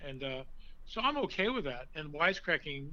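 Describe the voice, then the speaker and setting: A man, an actor, telling stories in an interview, animated, breaking now and then into loud put-on voices. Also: fairly high pitch, brisk, highs cut off. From from an Irish blue-collar family. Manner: animated storyteller, bursts into loud character voices. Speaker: actor guest. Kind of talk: conversational interview storytelling.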